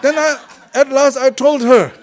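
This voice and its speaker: A man teaching as a Buddhist monk, speaking halting English that is not his first language, often pausing to find a word and chuckling through his points. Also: very high-pitched, fairly even intonation. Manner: broken English, often gropes for words. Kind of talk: dharma talk to a group.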